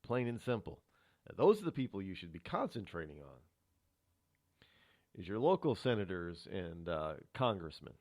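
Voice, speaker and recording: A man's voice: normal speed, long pauses. A man hosting a radio talk show, rambling through a solo monologue of political commentary with many restarts. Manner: rambling, restarts often, animated pitch swings. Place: radio studio.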